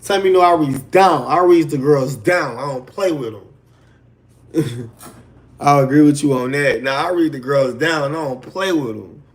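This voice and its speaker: On a casual livestream, a high-pitched man rants unhurriedly about a rival. He mocks them in a sing-song voice, piling one insult on another.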